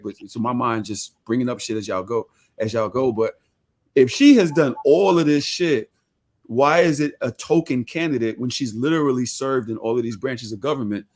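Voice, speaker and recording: A man hosting a podcast in casual chat, blunt, swearing freely and pushing back on others. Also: medium pitch.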